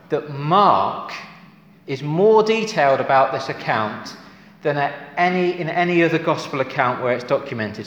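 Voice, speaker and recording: A male preacher delivering a sermon with earnest conviction, often turning to rhetorical questions and building to emphatic exclamations. His voice sits a little higher than most men's. It rings through a church with a long, echoing reverb. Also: fairly bright tone. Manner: asks the congregation rhetorical questions. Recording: echoey hall with long reverb.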